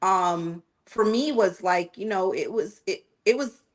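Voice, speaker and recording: A woman's voice: mid-range voice, measured pace. A woman guest on a podcast, married, speaking thoughtfully and agreeing with the host. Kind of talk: casual chat.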